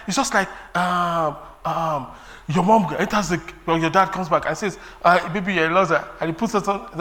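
Bright-voiced, animated man preaching. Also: sits high. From Nigeria. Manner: lively preaching with laughs and sung refrains. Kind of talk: sermon.

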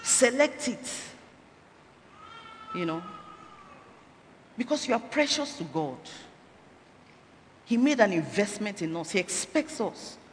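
Speaking slowly in a sing-song, medium-pitched voice, a woman at church leaves long pauses while urging listeners about their health. She frames parts of her sermon as rhetorical questions. The recording has an echoey hall sound and faint background noise.

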